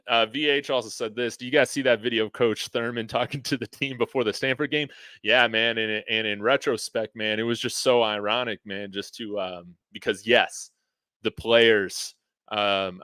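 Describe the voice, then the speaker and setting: A man's voice: on the low side, sharp tone, clear, resonant tone, no echo. A man hosting a casual sports podcast. He is laid-back, chuckles often, and fills his talk with "man" and "you know". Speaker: podcast host.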